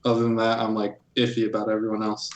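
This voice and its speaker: A man's voice: lowish voice, completely flat delivery, fast talker. A man co-hosting a podcast, throwing in wry quips. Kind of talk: casual chat. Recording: roomy echo.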